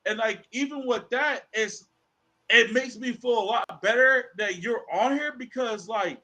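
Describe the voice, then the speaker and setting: A man's voice: very high voice, measured pace, sharp tone, rough recording. A man co-hosting a podcast in casual chat, telling stories animatedly, acting out quoted dialogue and swearing freely. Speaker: podcast co-host.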